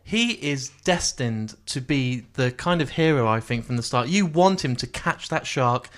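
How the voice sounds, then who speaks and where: A man's voice: medium pitch, expressive, unhurried. A man, co-hosting a podcast and talking films with playful enthusiasm. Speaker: podcast co-host. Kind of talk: casual film chat.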